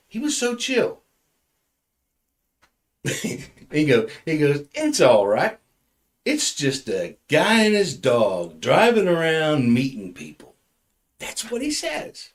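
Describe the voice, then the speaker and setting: A man hosting a podcast, telling a funny story in casual chat, rambling and restarting often. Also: medium pitch. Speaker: podcast host.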